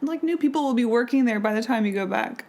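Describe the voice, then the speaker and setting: Brief: woman co-host, casual rambling chat, slightly high voice. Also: animated, fast talker, darkish tone. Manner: chatty, rambling with fillers. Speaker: podcast co-host.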